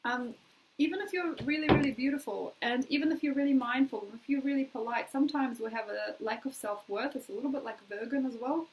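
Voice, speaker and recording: A woman's voice: high-pitched, fast talker, a little hiss or hum, poor audio. An Australian woman giving a casual, chatty astrology forecast, playfully acting out little quoted requests.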